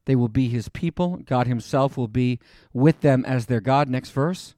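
A man's voice: mid-range voice, mellow, no room sound. Fervent male preacher, dry close sound. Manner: fervent preaching, drawn-out emphasis, asides to congregation. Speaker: pastor. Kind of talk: sermon. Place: church hall with dim lighting.

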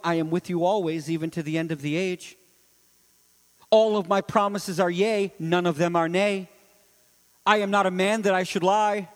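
A preacher quoting Jesus, calm and reassuring, in a softer, lowered voice that is still high. The words ring out with the long reverb of a large church hall. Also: male voice, close to an everyday voice.

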